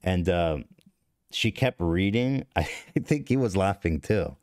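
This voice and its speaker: A man's voice: deep voice, lively intonation, measured pace, a little mellow, no room sound, studio quality. A man in his thirties hosting a podcast, telling a story in a rambling, profane, self-deprecating way with frequent restarts. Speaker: podcast host. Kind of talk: casual storytelling to stream chat.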